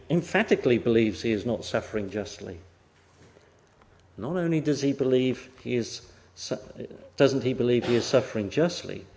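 A man preaching an expository sermon, emphatic, pushing stressed words up and letting phrase endings fall soft. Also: mid-range voice.

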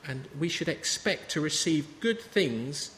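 A man's voice: fairly high pitch, lively intonation, a little slow, fairly bright tone, a little hiss or hum. A man in his thirties preaching a sermon in a chatty, story-telling way. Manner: conversational, anecdotal preaching. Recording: reverberant hall with faint ambience.

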